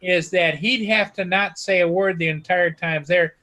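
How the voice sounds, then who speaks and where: A man cracking quick jokes in a casual group chat. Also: high-pitched, fairly even intonation, noisy background. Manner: joking, quick-witted.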